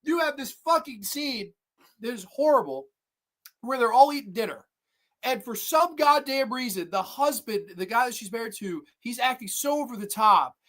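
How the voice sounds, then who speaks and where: A woman's voice: fairly high pitch, animated, moderate pace, fairly bright tone. A woman hosting a movie review show, ranting bluntly and with lots of swearing about a film she dislikes. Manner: profane, blunt, exasperated. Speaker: movie review podcast host.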